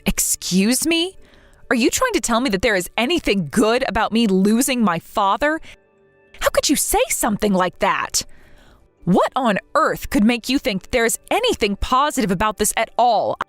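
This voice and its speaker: A young wife in mourning , voiced by a woman reading a text story, who speaks earnestly, pleading and indignant. Her pitch moves a lot, and the sound is dry, with soft music in the background. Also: big pitch swings, normal speed, no room sound. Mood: hurt.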